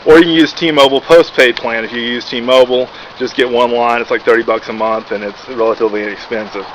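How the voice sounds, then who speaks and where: A man's voice: medium pitch, fairly even intonation, fast talker, poor audio. A man from Texas giving a casual, rambling product review, full of "uh" and "basically", with lots of restarts. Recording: background noise.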